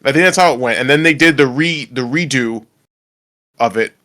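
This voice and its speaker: Bright-voiced man in casual podcast chat. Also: medium pitch, moderate pace. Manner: rambling, laughs often, many restarts. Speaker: podcast co-host.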